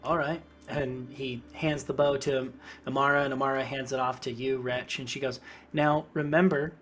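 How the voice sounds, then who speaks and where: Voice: medium pitch, level tone, moderate pace, fairly bright tone, a little hiss or hum. A game master narrating a tabletop game casually, with many fillers.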